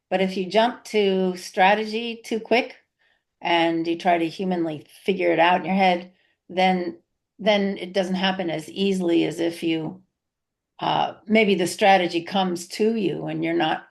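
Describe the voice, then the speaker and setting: A woman's voice: fairly low pitch, vocal fry. A woman taking part in a casual group discussion, speaking loosely and with enthusiasm. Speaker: discussion participant.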